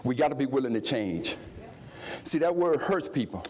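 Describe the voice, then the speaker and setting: A middle-aged man from Mississippi, giving an impassioned keynote speech, preacher-like, swinging from shouts to low confiding tones. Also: lively intonation, moderate pace. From Jackson, Mississippi, US. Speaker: keynote speaker.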